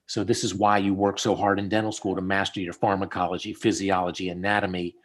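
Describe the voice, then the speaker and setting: A man's voice: low voice, fast talker. A middle-aged man, a dentist, walking a student through cases in casual teaching chat over a video call, telling stories as he goes. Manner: storytelling, animated when quoting people.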